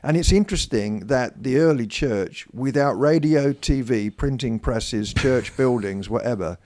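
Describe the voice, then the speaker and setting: A man's voice: mid-range voice, a little slow, darkish tone. A man appearing as a guest on a live show, chatting in a reflective, self-deprecating way. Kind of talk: live chat show conversation.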